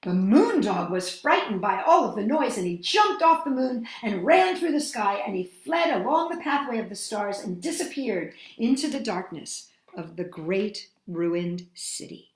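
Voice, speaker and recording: A woman hosting a storytime, reading a picture book aloud to children with an animated, expressive delivery. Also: mid-range voice, measured pace, few pauses. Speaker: storytime host. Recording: echoey room.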